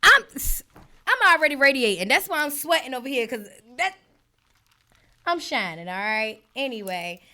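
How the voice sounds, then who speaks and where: Her voice sits high and her pace is moderate as this podcast host rants in a lively, casual way, speaking right to listeners with many asides. She's at a home setup, with her audience joining live.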